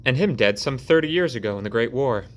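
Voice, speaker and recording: A man voicing a boisterous middle-aged construction boss who talks loudly and heartily, in an audiobook reading. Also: mid-range voice, expressive, fast talker, a little hiss or hum, natural voice. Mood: amused. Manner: loud, roaring and jovial.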